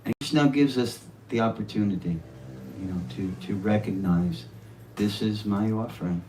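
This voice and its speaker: A man's voice: lowish voice, moderate pace, recorded from a distance, a little hiss or hum, low-quality recording. A man in his seventies giving an earnest devotional talk at a home gathering. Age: 70s. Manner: earnest, with warm laughter and quoted asides. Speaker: speaker at a devotional home program.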